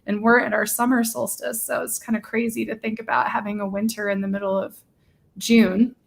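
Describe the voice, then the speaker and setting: A woman's voice: on the high side, level tone, gravelly. Bubbly, gushing woman host. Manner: bubbly, gushing, talks in quick tangents. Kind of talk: casual live-stream chat.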